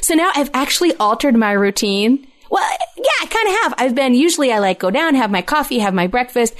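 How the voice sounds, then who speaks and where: A woman in her thirties co-hosting a casual chat, animated and laughing often as she acts out little quotes. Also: fairly high pitch, brisk. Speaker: podcast co-host.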